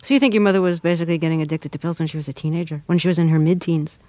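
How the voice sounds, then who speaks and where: Low-voiced woman hosting an interview. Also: dark tone, no room sound. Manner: halting questions with stumbles and ums. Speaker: interview host. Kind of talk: broadcast interview.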